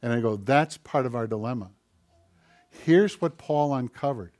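A man preaching a sermon in an animated, conversational way, acting out quoted voices and tossing asides to the congregation. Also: mid-range voice, moderate pace. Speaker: pastor.

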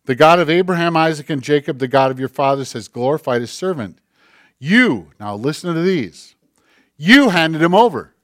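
A man preaching a sermon, moving between soft, conversational asides and forceful, rising preaching. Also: on the high side, normal speed, no echo, studio quality. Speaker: pastor.

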